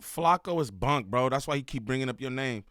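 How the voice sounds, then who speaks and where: A co-host man chiming in with casual, animated and emphatic remarks, laughing often. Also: medium pitch, a little fast, a little hiss or hum. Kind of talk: casual commentary.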